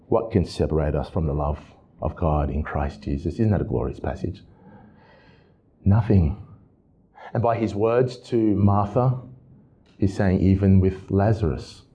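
A man's voice: fairly low pitch, warm tone, dull audio. A man preaching an expository sermon, earnest and emphatic, often restarting his phrases as he explains a text. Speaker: pastor.

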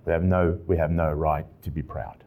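A man pastor preaching an expository sermon with animated delivery and repeated emphatic phrases. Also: very deep voice, normal speed.

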